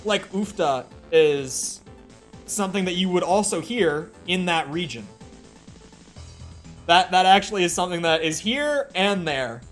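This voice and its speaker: A man's voice: sits high, animated, measured pace, a bit bright, soft background music. A man with a Minnesotan accent chatting casually while streaming a game, rambling with lots of "like" and fillers. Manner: rambling, filler-heavy, with frequent "like". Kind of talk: casual chat while playing.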